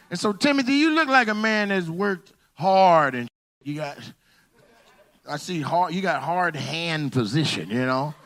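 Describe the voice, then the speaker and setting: Loud, bright-voiced stand-up man. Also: fairly high pitch, expressive, unhurried. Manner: loud, teasing, shouts punchlines. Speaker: stand-up comedian. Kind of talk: crowd work stand-up. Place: comedy club stage.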